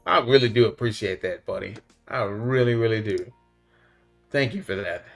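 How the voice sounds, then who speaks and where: A man's voice: lowish voice, moderate pace, vocal fry, soft background music. Laid-back man chatting on a livestream. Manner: laid-back, chuckles often, says "man" and "buddy" a lot. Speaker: livestream host reading chat. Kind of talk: casual live-stream chat.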